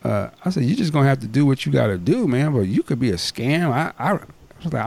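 A man's voice: medium pitch, expressive, normal speed, vocal fry, a little mellow, dry recording. A man casually telling a story on a podcast, laid-back and slangy, acting out both sides of a phone call. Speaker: podcast co-host.

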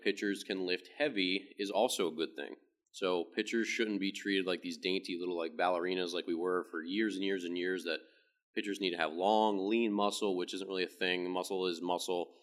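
A man, a baseball pitching coach, giving a casual, rambling explanation with frequent restarts. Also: a bit bright.

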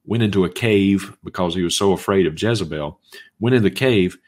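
A man giving an expository sermon, reading scripture aloud and arguing each point with emphasis. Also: sits low. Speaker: Bible teacher.

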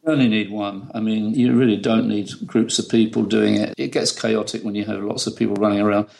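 A man's voice: fairly low pitch, little pitch movement, fairly quick, gravelly, a little mellow. A middle-aged man from the United Kingdom, a photographer, telling chatty anecdotes in an interview and laughing often. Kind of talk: relaxed anecdotal storytelling.

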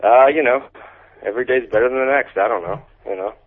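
Deadpan fast-talking man on a phone line. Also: mid-range voice. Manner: deadpan, sardonic. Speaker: podcast co-host. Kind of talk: casual podcast banter. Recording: tinny phone-line sound.

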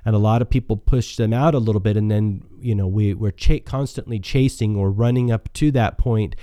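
A man's voice: fairly low pitch, brisk, warm tone, no room sound. A man with a scratchy voice hosting a solo self-help podcast, talking in an earnest, motivational way with frequent restarts. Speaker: podcast host.

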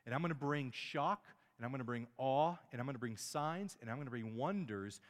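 A man's voice: mid-range voice, lively intonation, brisk, close to an everyday voice. A man voicing God as a resolute, commanding figure, with emphatic repeated phrases in a reverberant hall. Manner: solemn, emphatic repetition.

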